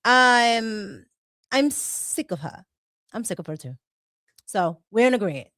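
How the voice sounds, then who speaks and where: A woman's voice: lowish voice, sing-song, moderate pace, a little mellow, no room sound, studio quality. A woman hosting a casual livestream, chatting, reading super chats aloud and laughing often. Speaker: livestream host.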